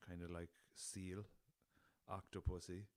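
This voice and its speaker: Young Irish male podcast host, deep voice, loose and jokey, swears a lot, dry recording. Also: level tone, measured pace, darkish tone, no echo. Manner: laughing at his own jokes, swears freely, rambling. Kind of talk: casual solo podcast chat.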